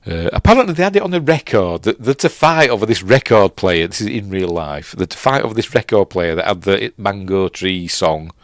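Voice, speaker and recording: A middle-aged Yorkshire man chats his way through a film review, his low voice bouncing up and down with lively swings. He rambles, stops to correct himself and chuckles along. The sound is close and dry, with no room around it. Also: brisk, hardly any pauses, dry recording. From Yorkshire, England. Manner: rambling, chatty, self-correcting with chuckles and fillers. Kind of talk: casual film commentary with live chat.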